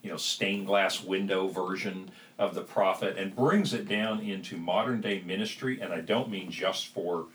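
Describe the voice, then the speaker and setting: A man with a low voice speaks as a podcast guest, earnest and reflective, and sometimes drifts a little as he talks. His mic sits somewhat far from him. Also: normal speed, few pauses, fairly bright tone, a little hiss or hum. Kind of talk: podcast conversation.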